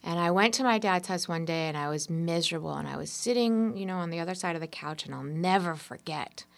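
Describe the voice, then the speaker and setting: A woman speaks in a low register with a gravelly edge to her voice. She tells her story as an interview guest, animated and expressive. Her talk moves between excitement and quieter reflection. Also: fairly quick. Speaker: entrepreneur guest.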